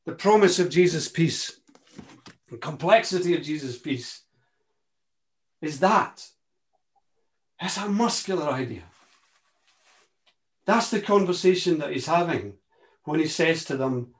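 High-voiced preacher, impassioned. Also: male voice, normal speed, long pauses. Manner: impassioned, swings between soft asides and ringing emphasis. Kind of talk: sermon.

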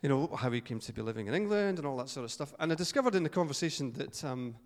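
A Scottish preacher tells stories in a loose, joking way, full of asides and restarts. His voice sits at a middle pitch. The sound rings with the long reverb of a hall. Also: lively intonation, quick pace. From Scotland. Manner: chatty, joking asides, frequent fillers and restarts. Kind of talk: informal sermon with storytelling.

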